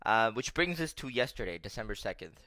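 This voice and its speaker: Animated young man ranting, bright voice. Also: on the low side, brisk, dry recording. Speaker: vlogger. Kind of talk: casual storytelling vlog.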